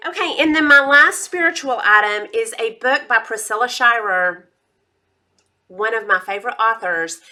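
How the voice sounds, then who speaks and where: Bright, chatty woman vlogger. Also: a little high. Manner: chatty and enthusiastic, quick asides. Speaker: beauty and lifestyle vlogger. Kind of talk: casual monthly favorites chat.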